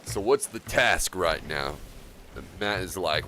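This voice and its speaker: A man's voice: deep voice, animated, slow, bright, forceful tone, a little hiss or hum. A man live-streaming a video game, chatting casually and rambling with viewers, laughing often. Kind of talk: live gameplay commentary and chat.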